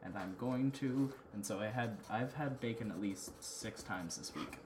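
A man co-hosting a radio show, talking in a laid-back, low-key way and laughing easily. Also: measured pace, noisy background. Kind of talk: casual radio chat.

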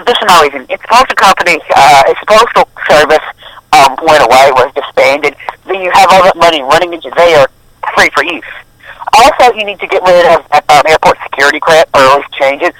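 Bright, rambling young man. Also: on the high side, dry recording, low-quality recording. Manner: rambling and opinionated, with restarts. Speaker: podcast co-host. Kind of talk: casual chat.

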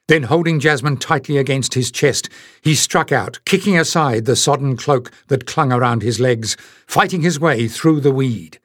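A man reading a fantasy novel aloud in a measured, expressive audiobook narration. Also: medium pitch, no room sound, studio quality.

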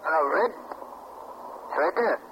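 A man making prank calls to a bar, deadpan, asking for made-up names and spelling them out. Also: high voice, slow pace. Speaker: prank caller. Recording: hissy taped phone call.

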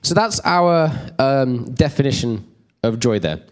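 In an easy, conversational style, a preacher teaches a church group, wandering into side stories and regularly checking in with the room. His voice is medium-pitched, animated, and a little slow.

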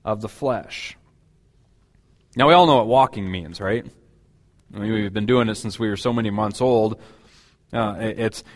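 A man preaching a sermon as pastor, talking in a conversational, halting way with many fillers and restarts. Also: lowish voice. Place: church.

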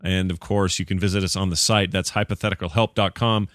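A man with a Utah accent co-hosting a casual podcast, laid-back and quick to laugh. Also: low voice, steady tone, a bit bright, no echo, clean studio sound. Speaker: podcast co-host. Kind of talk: casual chat.

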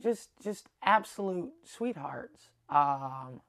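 A man's voice: fairly high pitch, expressive, slow pace, fairly bright tone. A man, a stand-up comedian, telling rambling tour stories in a casual monologue, swearing freely and restarting his sentences often. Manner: profane, rambling, many restarts.

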